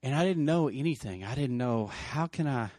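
A man's voice: mid-range voice, lively intonation, normal speed, a little mellow, no room sound. Middle-aged guy telling a heavy story, lots of restarts, dry close sound. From West Texas. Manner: earnest, emotional retelling with many restarts. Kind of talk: personal storytelling.

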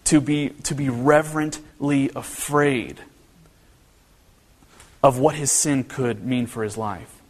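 Taking it slowly with long pauses, a northern Kentucky pastor preaches in a mid-range voice. He keeps the sermon conversational, with lots of rhetorical questions and restarts, heard through the long reverb of a hall.

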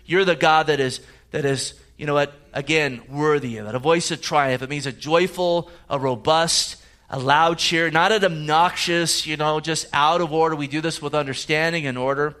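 A man's voice: on the high side, steady tone, moderate pace, fairly bright tone. A man preaching a sermon in a conversational way, with frequent restarts and asides as he explains scripture. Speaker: pastor.

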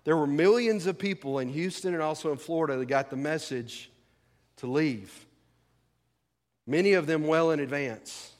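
A man's voice: a little high, moderate pace. A male pastor preaching a sermon in a folksy, conversational way, asking the congregation questions. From rural American South. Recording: long hall reverb.

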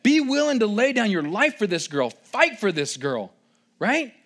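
Animated young man preaching with playful asides. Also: sits high. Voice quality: playful, joking asides, acts out quick mock voices. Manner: emphatic, builds to loud excited stretches. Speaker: pastor. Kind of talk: sermon.

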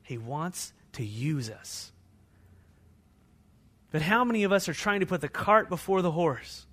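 Pastor guy preaching in church, high voice, gets quiet then really loud and fervent. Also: very animated, a little slow. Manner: swings from hushed to loud and fervent. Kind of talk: sermon.

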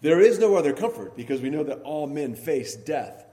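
A man as pastor, preaching an expository sermon in a measured teaching manner, stressing key words and pausing with fillers. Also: on the high side, expressive, warm tone.

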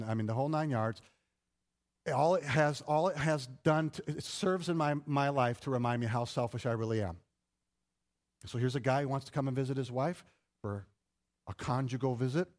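A middle-aged male pastor giving an animated, conversational sermon full of rhetorical questions. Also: mid-range voice.

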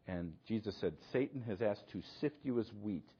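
A man preaching a sermon, asking rhetorical questions and swinging between loud emphasis and hushed, quiet lines. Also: lowish voice, lively intonation, normal speed, breathy edge, highs cut off. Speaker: pastor.

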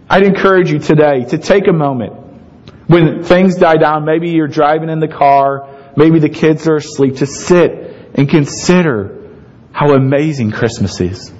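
A man preaching a sermon in a conversational, animated way, with asides to the congregation. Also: fairly high pitch, lo-fi sound. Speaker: pastor.

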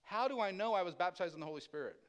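A middle-aged male pastor telling a personal testimony in a casual, animated sermon style, acting out the voices of the people in his story. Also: high voice, racing.

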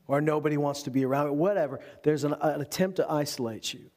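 A man who is a pastor delivering an animated sermon, mixing humor with earnest exhortation. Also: fairly high pitch, fast talker, hardly any pauses. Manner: animated preaching with humor and acted-out voices.

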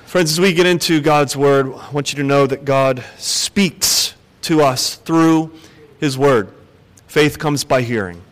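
Earnest preacher in a reverberant church. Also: male voice, fairly high pitch, measured pace. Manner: earnest, asks the congregation direct questions. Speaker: pastor. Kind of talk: sermon. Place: church sanctuary.

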